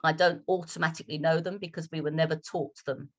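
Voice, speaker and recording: A British woman English teacher from London, speaking with a polished RP accent in measured, slowed speech on a video call. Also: sits low, steady tone. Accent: British RP, London roots. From London, England. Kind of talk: online Q&A talk.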